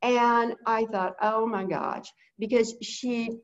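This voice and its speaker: A middle-aged woman teaching in a webinar, talking quickly and rambling with many fillers in a low-set voice, over a video call mic. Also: fairly even intonation, lo-fi sound. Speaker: guest bird behavior consultant.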